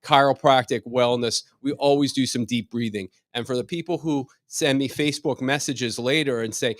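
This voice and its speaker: A man's voice: mid-range voice, animated, fairly quick, hardly any pauses, no room sound, studio quality. A middle-aged man, a chiropractor, leading a wellness workshop in a chatty, joking way, with many rhetorical questions and frequent restarts. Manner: repeats words when starting sentences. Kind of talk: informal live workshop talk.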